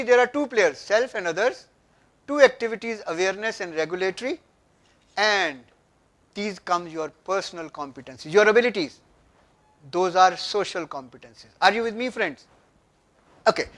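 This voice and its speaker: A man's voice: high voice, a bit bright. An older man with an Indian English accent giving an emphatic motivational workshop talk and often asking the audience questions. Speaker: workshop speaker. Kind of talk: motivational lecture. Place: conference room.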